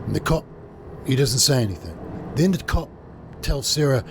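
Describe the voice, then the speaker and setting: A man's voice: mid-range voice, very animated, moderate pace, long pauses, slight background noise. A man, host of a true crime channel, narrating casually and acting out dialogue. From New Zealand. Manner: conversational, dramatizing, acting out dialogue.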